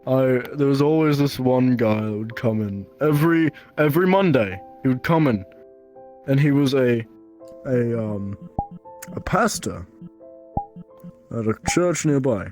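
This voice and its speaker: A man's voice: medium pitch, lively intonation, measured pace, pauses often, darkish tone, soft background music. A young man co-hosting a podcast, telling a rambling story in casual chat and often stumbling over his words. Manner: rambling, stammers and repeats words. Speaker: podcast co-host.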